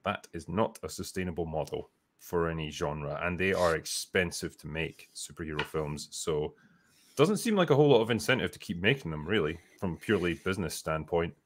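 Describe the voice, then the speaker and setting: Deep-voiced guy on a stream, rambly, lots of likes and ums. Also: expressive, brisk. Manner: rambling, filler-heavy, swears casually. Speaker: livestream co-host reading chat. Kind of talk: casual chat.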